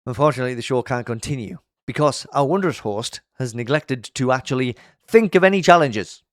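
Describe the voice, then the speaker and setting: A man's voice: medium pitch, fairly quick. A man riffing his way through a cartoon recap, bouncy sing-song delivery that swoops up and down and makes fun of himself as he goes. he's close to the mic in a dead, dry room with no echo at all. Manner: jokey, animated, self-mocking. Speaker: video commentator. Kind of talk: playful commentary.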